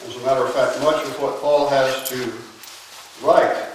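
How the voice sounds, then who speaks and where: A man preaching a sermon in a church, emphatic and unhurried, pausing long and often dropping to a quiet voice. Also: medium pitch, fairly even intonation, a little hiss or hum. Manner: emphatic, with long pauses and sudden drops to a quiet voice. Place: church sanctuary. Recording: very echoey church, mic at a distance.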